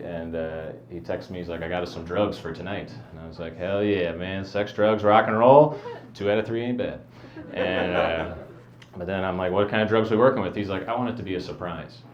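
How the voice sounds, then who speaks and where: A man doing a stand-up set, mumbling in a flat deadpan. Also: low-pitched, reverberant. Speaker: stand-up comedian. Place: comedy venue with a live audience. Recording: dull lo-fi live recording with crowd.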